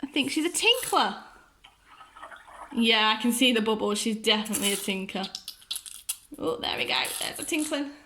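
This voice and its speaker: A woman's voice: fairly high pitch, animated, normal speed, pauses often, noisy background. A woman narrating a toy unboxing in a casual way, gushing and enthusiastic as she talks to viewers.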